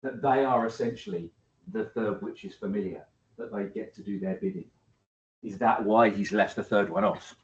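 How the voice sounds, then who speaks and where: A male teacher giving a lecture to students, emphatic and animated, with frequent ums and uhs. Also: lowish voice, moderate pace, slight background noise. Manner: emphatic, varies loudness, many fillers. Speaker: English teacher. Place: school hall. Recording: echoey hall, dull lo-fi sound.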